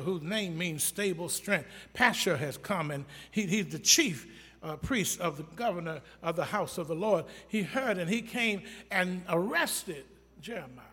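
A man preaching a sermon, swinging between loud emphatic delivery and quiet pleading, acting out scripture in everyday speech. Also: sits high, husky, long reverb tail. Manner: acts out scripture quotes in colloquial speech.

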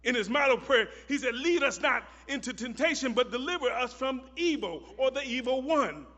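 A man preaching a sermon who repeats phrases for emphasis and builds up to shouted, chanted lines. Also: very high-pitched, animated, moderate pace. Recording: muffled recording in a reverberant hall.

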